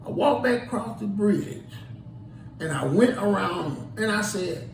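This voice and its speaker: A man's voice: high voice, expressive, measured pace, creaky, a little hiss or hum. A man, a tour guide, telling a rambling story casually and acting out what people said. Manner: rambling, acts out quoted dialogue. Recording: roomy, distant recording.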